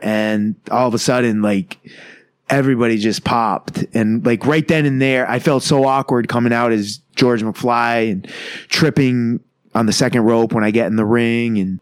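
Male pro wrestler, thirties, mid-pitched, loose and profane, dry recording. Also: steady tone, a little slow, no room sound. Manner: rambling, profane, acts out quotes. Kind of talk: casual interview storytelling.

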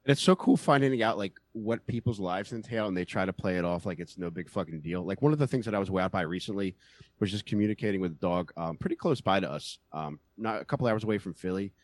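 A man's voice: low-pitched, expressive, fast talker, no room sound. A man co-hosting a podcast, telling profane anecdotes in casual chat. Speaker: podcast co-host.

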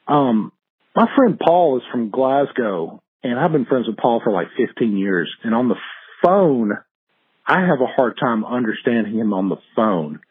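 Guy calling in on a tinny phone line, kinda husky, easygoing, lots of uhs. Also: mid-range voice. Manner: halting, easygoing. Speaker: caller. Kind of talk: voicemail message.

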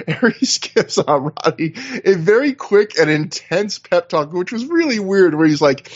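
A man's voice: high voice, a little slow, muffled recording. A man co-hosting a casual wrestling podcast over a video call, recapping at length and acting out what others said. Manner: rambling, animated recaps with acted-out quotes. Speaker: podcast co-host.

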